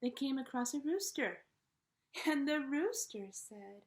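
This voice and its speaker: Animated woman telling a children's story. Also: high voice, a little slow, poor audio. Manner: animated, expressive, drops to whispers. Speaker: teacher.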